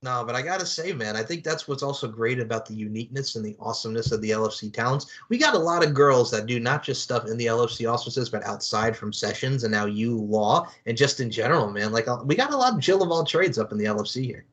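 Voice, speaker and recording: Fast-talking slangy male podcast host. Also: medium pitch. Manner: slangy and excitable, peppered with "man" and "you know what I'm saying". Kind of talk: casual interview chat.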